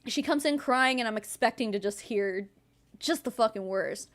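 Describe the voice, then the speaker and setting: A woman with a slightly high voice tells stories in a loose, chatty way. She is sarcastic and animated and swears freely as she comments. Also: normal speed. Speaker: commentary host. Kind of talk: casual commentary and storytelling.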